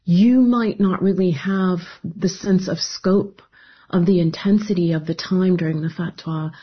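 A woman filmmaker reflects in an interview, unhurried and searching for words. Her voice is husky and slightly low, and the interview audio is dull. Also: fairly even intonation. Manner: slow, reflective, with restarts. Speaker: filmmaker guest.

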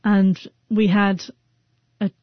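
A woman's voice: mid-range voice, flat delivery, slow, no room sound, phone-quality sound. A woman in her thirties who stutters, with frequent repeated sounds and restarts, telling her personal story as an interview guest.

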